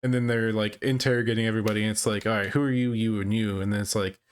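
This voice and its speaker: A man co-hosting a podcast, casually retelling movie scenes with relaxed halting restarts. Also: on the low side, clean tone. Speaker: podcast co-host. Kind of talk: casual movie recap chat.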